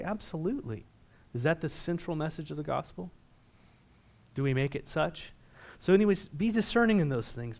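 A man preaching a sermon as a pastor, asking the congregation questions and growing loud and emphatic when reading scripture. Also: fairly high pitch.

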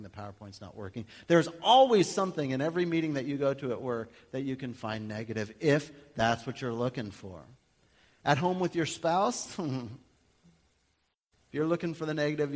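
A male pastor delivers a sermon in a conversational, animated style, acting out small everyday scenes. His voice is medium in pitch, and the recording carries a long hall reverb.

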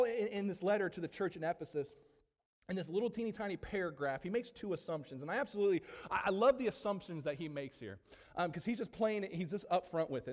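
A man preaching a sermon to his congregation, animated, with frequent asides to the room. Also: sits high, big-room sound. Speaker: pastor. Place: church sanctuary.

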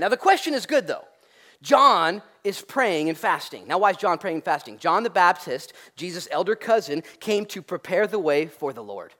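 A man preaching a sermon as pastor, lively and joking, acting out the voices of the people in the story. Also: sits high, normal speed.

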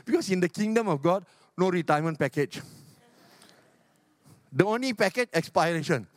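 Older guy pastor preaching hard, kinda high voice, super dry, repeats stuff, pitch jumps all over. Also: animated, moderate pace, no room sound. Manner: emphatic, repetitive preaching with big pitch swings. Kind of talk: sermon.

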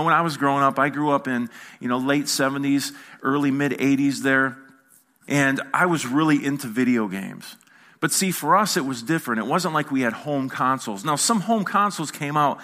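Bright-voiced middle-aged man preaching. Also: on the high side. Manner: animated storytelling with playful asides to the congregation. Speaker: pastor. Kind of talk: sermon. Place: church sanctuary.

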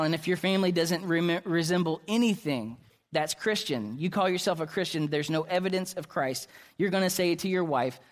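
A man's voice: a little high, moderate pace. A man preaching a sermon as pastor, emphatic and repetitive, his intensity rising and falling.

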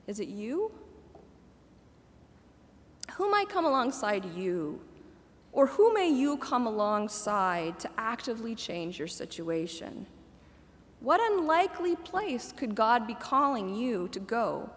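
Brief: woman preacher, forties, warm-humored sermon style, higher pitch, echoey sanctuary sound. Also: sing-song, takes it slowly, pauses often. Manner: conversational, laughs at her own asides. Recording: echoey hall reverb.

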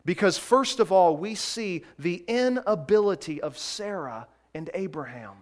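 A man preaching a sermon in a deliberate way, swinging between loud emphasis and quiet, hushed lines. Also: high voice, expressive.

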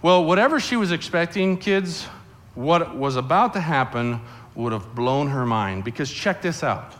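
Animated, bright-voiced male preacher. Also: a little high, moderate pace. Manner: animated storyteller acting out voices, addressing kids. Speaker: pastor. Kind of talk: sermon to a family congregation. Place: church sanctuary.

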